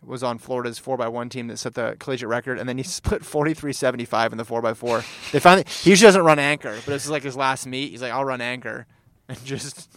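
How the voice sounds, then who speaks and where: A man's voice: mid-range voice, fast. A man hosting a casual sports chat, enthusiastic and laughing as he tells anecdotes.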